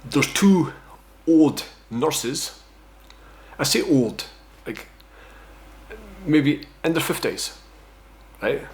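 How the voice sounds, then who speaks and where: A man's voice: a little high, animated, drawn-out words, darkish tone. A Scottish man in his thirties tells a personal story as a casual vlog, rambling and swearing, often tagging lines with "right?". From Scotland. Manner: rambling, profane, self-mocking, fond of "right?". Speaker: vlogger telling a personal story.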